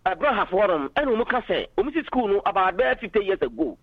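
High-voiced fast man on phone. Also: sing-song, no room sound, narrow, tinny audio. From Ghana. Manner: passionate, argumentative, mixes in English phrases. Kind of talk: political call-in talk.

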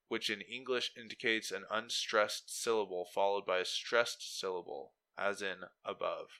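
A man's voice: lowish voice, pushed and bright, smooth. A man hosting a casual solo podcast, rambling and interrupting himself as he muses aloud and reads text off his screen. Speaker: podcast host.

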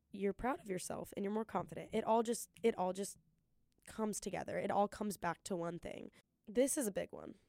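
Young woman, solo podcast host, earnest pep talk, warm mellow voice, dry recording. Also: mid-range voice, no echo.

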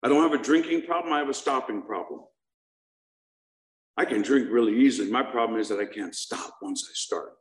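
A man's voice: mid-range voice, fairly quick. A middle-aged man telling a humorous personal recovery story to a live audience, joking and asking them questions. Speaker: speaker sharing his recovery story. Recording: echoey room.

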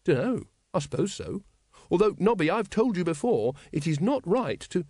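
A man's voice: high-pitched, big pitch swings, normal speed, darkish tone, no echo, studio quality, pitched above the performer's own voice. A man voicing an earnest, naive young male guard recruit who speaks dutifully and literally.

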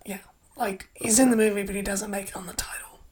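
A woman co-hosting a casual movie podcast, recapping plots in a relaxed way. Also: medium pitch, fast talker. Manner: relaxed, summarizes the plot. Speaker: podcast co-host.

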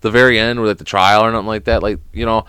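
A man's voice: on the low side, steady tone, quick pace, pushed and bright, clear, resonant tone, no room sound. A man, sick at the moment, rambling through a casual solo podcast rant, swearing often and filling gaps with "like". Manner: profane, rambling, heavy on "like" fillers. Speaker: podcast host.

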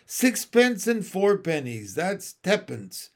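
A man's voice: high voice, very animated, slow pace, voice pushed up, full character voice. A man reading a storybook aloud, voicing a sensible older girl who talks practically and coaxes her brother along. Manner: practical, coaxing.

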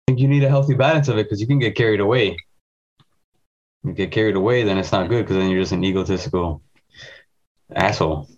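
A man's voice: on the low side, quick pace, pauses often, lo-fi sound. A man co-hosting a podcast, chiming in with short, laughing remarks. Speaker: podcast co-host. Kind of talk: casual podcast banter.

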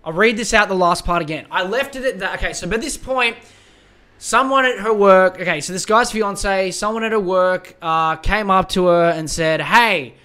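A man's voice: sits high, normal speed, pushed and bright. A man hosting a casual solo podcast, reading out a listener's letter and giving blunt, profane advice in a rambling way.

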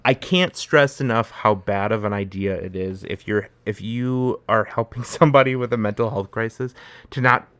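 A man's voice: lowish voice, normal speed, fairly bright tone, no room sound. A man hosting a podcast, talking casually with lots of fillers and restarts. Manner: rambling, many fillers and restarts. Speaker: podcast host. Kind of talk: casual conversation.

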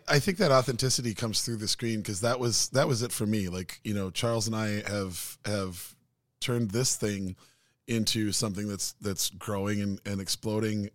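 A man hosting a podcast, chatting casually and reflecting warmly on his guest's work. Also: fairly low pitch, dry recording, clean studio sound. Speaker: podcast host. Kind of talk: casual interview chat.

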